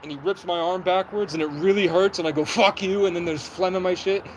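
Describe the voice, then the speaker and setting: A young man on a livestream, recounting events in an agitated, rapid way and acting out what people said. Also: high voice, steady tone, a little hiss or hum, poor audio. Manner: agitated, rapid storytelling with reenacted quotes. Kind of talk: livestream monologue.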